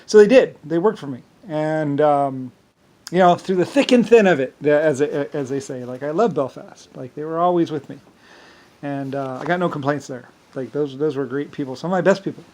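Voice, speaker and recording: Halting, rambling man with a raised voice. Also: fairly high pitch, darkish tone. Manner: halting, repeats words, many fillers, chuckles often. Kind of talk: rambling personal monologue.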